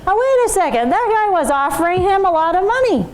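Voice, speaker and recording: A woman's voice: very high voice, sing-song, a little fast, slight background noise, pitched above the performer's own voice, poor audio. A woman doing a greedy, scheming servant. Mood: eager. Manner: eager, wheedling.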